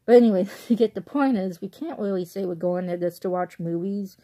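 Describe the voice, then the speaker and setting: A woman's voice: medium pitch, a little fast, dark tone. A young woman from the Chicago suburbs talking casually into her phone, rambling and often laughing. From Chicago suburbs, Illinois. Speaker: vlogger. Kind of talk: casual chatty movie review.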